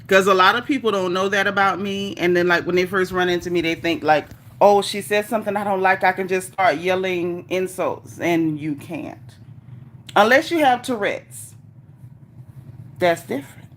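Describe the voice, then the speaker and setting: A woman hosting a casual livestream, reading viewer comments aloud in a chatty, animated, folksy way. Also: on the low side, normal speed. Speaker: livestream host reading chat. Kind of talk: casual live chat.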